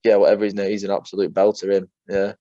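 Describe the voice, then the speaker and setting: A young Englishman rattles off fight stories at a quick clip, loose and rambling, swearing freely. His voice sounds dry and close, with a dull lo-fi tone. He leans on "mate" in nearly every sentence. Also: lowish voice, little pitch movement, dark tone, no echo. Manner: rambling storyteller, swears, keeps saying mate. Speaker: MMA fighter guest. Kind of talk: casual chat.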